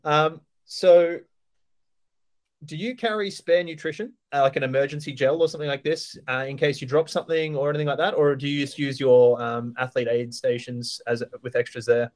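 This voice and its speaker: A man's voice: mid-range voice, fairly even intonation, normal speed, darkish tone. Man host asking rambling questions. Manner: asks questions in rambling rephrasings. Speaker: podcast host. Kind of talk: casual podcast interview.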